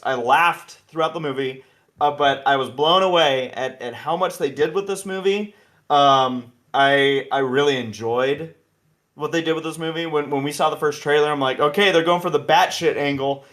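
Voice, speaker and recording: Man, podcast host, casual rambling chat, somewhat high voice, lots of restarts. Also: normal speed. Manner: rambling, animated, many restarts and asides.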